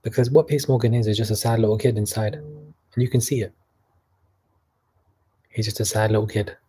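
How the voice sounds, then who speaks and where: A man's voice: on the low side, fairly even intonation, fairly quick, dark tone, breathy edge. A young man from Canada hosting a casual livestream, reading chat messages aloud and mocking people in a chatty way.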